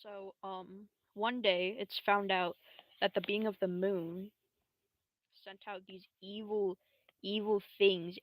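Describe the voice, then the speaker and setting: A woman's voice: mid-range voice, level tone, slow, a bit bright, no echo. A young woman streamer telling a story in a casual, rambling way, full of slang and fillers.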